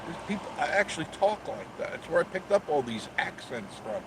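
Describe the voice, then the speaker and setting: A man's voice: a little high, big pitch swings, fairly quick, background noise. A man in his sixties hosting a live stream, chatting casually and joking sarcastically as he reads viewer comments. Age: 60s.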